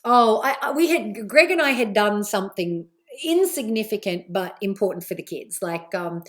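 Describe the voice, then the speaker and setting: A middle-aged woman with a British accent, giving a candid, chatty live online talk as a coach, with asides and a lively delivery. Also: mid-range voice, moderate pace.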